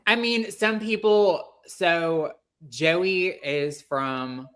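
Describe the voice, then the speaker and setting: A man's voice: on the high side, drawn-out words, fairly bright tone. A man co-hosting a casual recap podcast, emphatic and opinionated. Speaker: podcast co-host.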